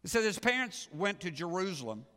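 A pastor delivering a conversational sermon, with frequent restarts and rhetorical questions to the congregation. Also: male voice, high voice, big pitch swings, brisk, fairly bright tone, in a large hall.

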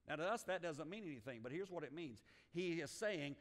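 A man's voice: on the high side, animated, moderate pace, long reverb tail. A male pastor preaching a sermon, often restarting phrases and acting out quoted voices.

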